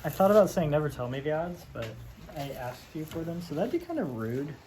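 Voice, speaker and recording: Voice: medium pitch, big pitch swings, fairly quick, warm tone. A DIY host chatting casually and joking while building in a workshop, thinking aloud as they go. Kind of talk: casual workshop how-to chat. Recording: noisy workshop recording.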